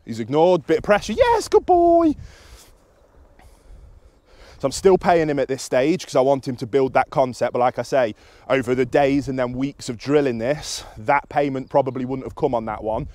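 A British man, a dog trainer, calmly explaining his method to the camera outdoors while he works a dog. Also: fairly quick, no room sound. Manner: calm and instructive, with high excited praise to the dog.

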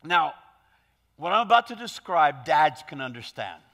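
A middle-aged man preaching a sermon, telling a lively family story and laughing often as an interpreter follows him. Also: a little high, normal speed, vocal fry. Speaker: pastor. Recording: long church hall reverb.

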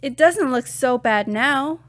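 A woman's voice: high-pitched, expressive, slow, a bit bright, heavily acted. A woman voicing a small playful boy in a storybook, speaking in simple, childlike lines. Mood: gentle.

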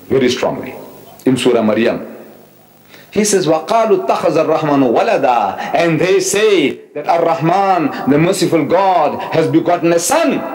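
Animated man in his seventies lecturing. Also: on the high side, rough recording. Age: 70s. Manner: animated and emphatic, with wry asides; recites Arabic verses quickly, then explains them. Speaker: Islamic lecturer. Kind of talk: public religious lecture.

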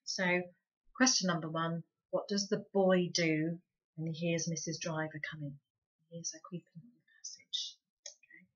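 A woman reading a children's book aloud for a book club, with a lively, dramatic storyteller's delivery. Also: lowish voice, moderate pace, slightly rough. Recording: dull lo-fi recording.

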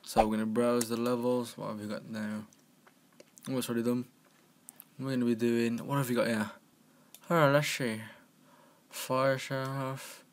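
A man giving casual, excitable let's-play commentary from his computer, talking to the game and yelping at crashes. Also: mid-range voice. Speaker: gaming channel host. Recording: home mic with clear keyboard clicking.

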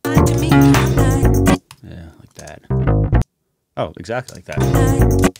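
Speaking slowly in an extremely low voice with vocal fry and wildly swooping pitch, this man produces music live on stream. He mutters, swears and mocks himself as he chats casually, while the session's music plays behind him.

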